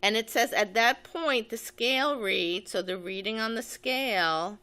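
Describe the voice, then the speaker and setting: A woman's voice: on the high side, measured pace, hardly any pauses, sharp tone. A woman teaching physics, talking methodically through a problem as she writes and draws. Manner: methodical, thinks aloud while writing. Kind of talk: step-by-step physics lesson.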